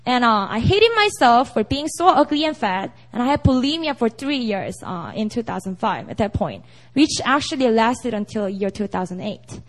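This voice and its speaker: A young woman preaches in a relaxed, chatty way, often asking her listeners if they follow. Her voice sits high and swings widely in pitch. She sounds conversational rather than formal. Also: normal speed. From South Korea. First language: Korean. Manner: chatty, with frequent "you know" and "right?". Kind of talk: casual, animated sermon.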